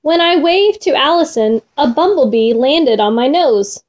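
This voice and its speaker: A woman reading a children's storybook aloud in an expressive, gentle way. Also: fairly high pitch, a little slow, few pauses.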